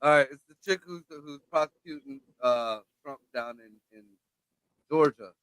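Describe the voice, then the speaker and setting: Bright, crude-talking man. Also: a little high, moderate pace, smooth, dry recording, rough recording. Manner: crude, swearing, laughs easily. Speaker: guest. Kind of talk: casual podcast chat.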